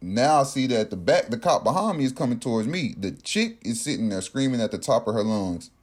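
A man in the middle of a personal story, talking casually and with lots of energy. He swears freely and slips into the voices of the people he describes. His voice sits at an ordinary middle pitch. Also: fairly quick, husky. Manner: animated, profane, acts out quotes.

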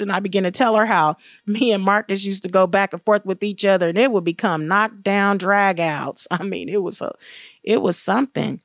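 A middle-aged woman speaks in an earnest, encouraging way as she shares a personal faith testimony. Her voice sits at a middle pitch and is recorded close and dry, with no room echo. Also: normal speed. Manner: earnest and encouraging, acts out quoted dialogue with raised pitch. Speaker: guest speaker sharing testimony.

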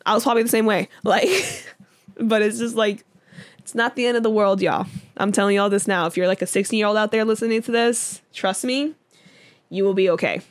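A young woman co-hosts a podcast in relaxed, casual conversation. She rambles with plenty of fillers and laughs easily, her pitch sitting in a middle range. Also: a little fast. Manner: chatty, lots of fillers and laughs. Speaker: podcast co-host. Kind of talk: casual chat.

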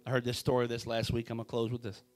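A man preaching a sermon, telling a story with drama and swinging from a hushed voice to a shout. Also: medium pitch, monotone, rapid-fire, faint music behind. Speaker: pastor.

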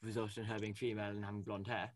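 A man co-hosting a casual fan chat, animated and gushing, with lots of fillers and restarts. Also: on the low side, quick pace, no room sound, studio quality. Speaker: podcast co-host. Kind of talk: casual fan chat about a cartoon series.

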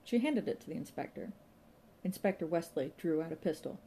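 A woman narrating an audiobook in a wry, deadpan manner. Her voice sits fairly low, with a mellow, relaxed tone and steady pacing. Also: fairly quick, slight background noise. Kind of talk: scripted narration.

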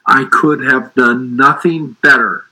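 Emphatic husky-voiced man preaching. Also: medium pitch, steady tone, takes it slowly, bright, forceful tone, low-quality recording. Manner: emphatic, preacherly, restarts often. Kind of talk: faith discussion.

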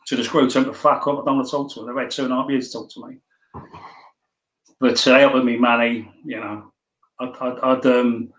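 A middle-aged man tells his story plainly and bluntly, swearing freely and tripping over repeated words. His voice sits at an average pitch for a man. The room around him is roomy and echoing. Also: fairly bright tone. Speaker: interview guest. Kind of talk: casual storytelling. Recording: echoey room.

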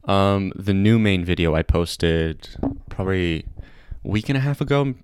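Young guy hosting a goofy podcast, low voice, super chatty, dry sound w faint music. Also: a little slow, clear, resonant tone, no room sound. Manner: chatty and excitable, laughs often, fillers. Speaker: podcast host. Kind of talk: casual comedic podcast chat.

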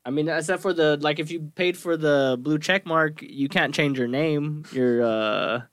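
A young man with a fairly high voice co-hosts a casual podcast, playful and full of slang, often breaking into laughter. The sound is dry and close. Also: measured pace, a bit bright, no room sound. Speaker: podcast co-host. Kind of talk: casual group chat.

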